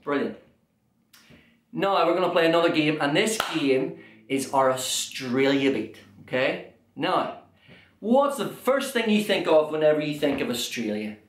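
A young man leading an energetic children's drum class, counting out loud and cheering the kids on. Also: fairly high pitch, measured pace, slight background noise. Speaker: drum workshop leader. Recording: echoey room with drum music.

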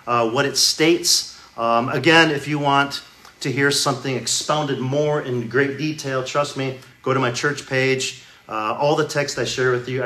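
A man preaching a sermon in a church hall, teaching emphatically and slowing down to stress key words. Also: on the high side, bright, forceful tone.

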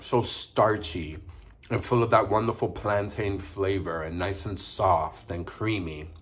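Man, low voice, casual eating vlog, chatty, savoring murmurs between bites. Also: steady tone, measured pace. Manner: chatty, savoring food with frequent mm sounds. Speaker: mukbang vlogger.

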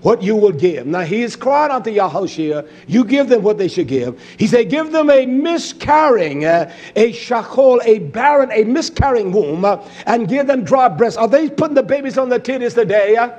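A man preaching a sermon with passion, his delivery swinging from hushed, low phrases to shouted outbursts. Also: animated, normal speed, hardly any pauses, dull audio.

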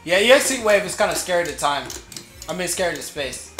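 A man streaming a fighting game, giving excitable running commentary and trash talk between laughs. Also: sits high, normal speed. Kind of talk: live gameplay commentary. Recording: roomy echo with faint game music.

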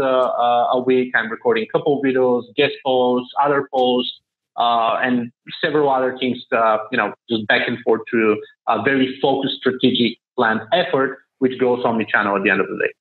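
A man's voice: medium pitch, steady tone, fairly quick. A man talking as a guest on a podcast, fluent and businesslike, dropping in plenty of "uh" fillers. His voice comes through a roomy, slightly muffled remote recording. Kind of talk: casual interview chat.

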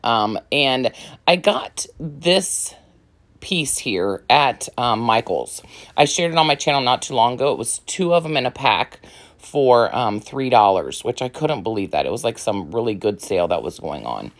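A woman's voice: extremely low pitch, animated, moderate pace. A woman crafting vlogger talking casually through her project, slightly out of breath, rambling with many ums and you-knows. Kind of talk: casual crafting tutorial talk.

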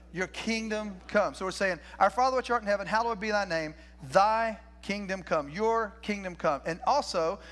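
A man's voice: high voice, a bit bright. An older man preaching a sermon as pastor in a church, folksy and conversational, restarting phrases and asking the congregation questions. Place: church sanctuary.

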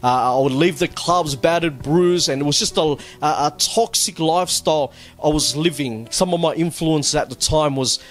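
A man giving a personal church testimony. He speaks earnestly and haltingly, often repeating words as he goes. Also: on the high side. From Australia. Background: faint background music.

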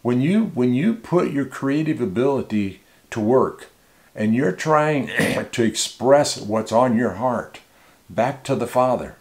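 Medium-pitched, creaky, and darkish in tone, this pastor's voice is animated yet slow. He gives a conversational sermon to a small church, teaching informally and often restarting or repeating words.

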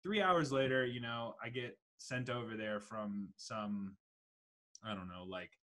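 A young man hosting a podcast, telling a story in casual, animated chat and swearing freely. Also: mid-range voice, measured pace. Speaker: podcast host.

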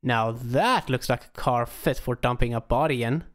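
A man voicing an eccentric young man with a deadpan, matter-of-fact delivery in an audiobook. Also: mid-range voice, normal speed, close to an everyday voice. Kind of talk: audiobook character voice.

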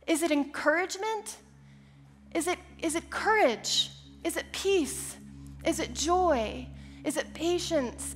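A woman preaching a sermon, telling Bible stories in a conversational way and building to passionate, repeated declarations. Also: high voice. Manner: storytelling, conversational asides.

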